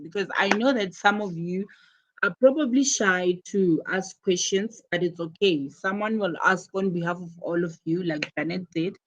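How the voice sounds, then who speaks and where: Slow, patient woman teaching English. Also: mid-range voice. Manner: patient, explains step by step and repeats examples. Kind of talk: live online class instruction.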